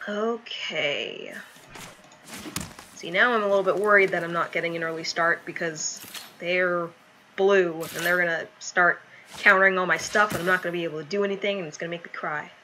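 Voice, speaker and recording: A young adult woman chatting casually and thinking out loud as she plays a card game. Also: on the low side, normal speed, noisy background. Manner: chatty, thinks aloud while playing. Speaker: streamer. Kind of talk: casual gameplay commentary.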